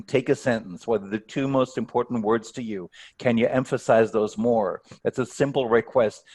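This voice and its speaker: Male speaking coach, fairly low-pitched, earnest, stumbles into restarts, heard over a video call. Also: darkish tone. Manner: earnest, stumbling restarts, leaning on key words. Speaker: speaking coach, workshop guest. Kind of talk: coaching advice in a Q&A.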